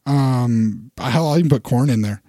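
A man's voice: medium pitch, moderate pace, dark tone, no echo, studio quality. A man chatting casually about food, rambling and self-deprecating. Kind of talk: casual chat.

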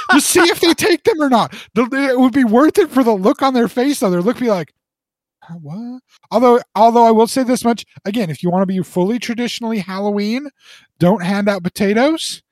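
A man's voice: extremely high pitch, lively intonation, a little fast, no room sound, clean studio sound. A man co-hosting a casual podcast, rambling with stammered repeats and chuckles. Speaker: podcast co-host.

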